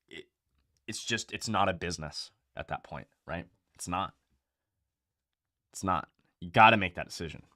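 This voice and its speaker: A young man hosting a live trading stream, talking casually and bluntly with lots of swearing and repetition, rising in pitch and volume when fired up. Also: dry recording, clean studio sound. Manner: blunt, profane, repeats himself, gets louder and higher when fired up. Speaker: livestream trading host.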